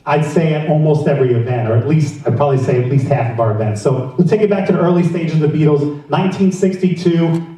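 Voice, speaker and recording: A man's voice: fairly high pitch, dark tone, far from the mic. Chatty male DJ in an echoey room. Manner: chatty, self-deprecating, addresses fellow DJs. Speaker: DJ telling a music story. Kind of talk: casual storytelling talk.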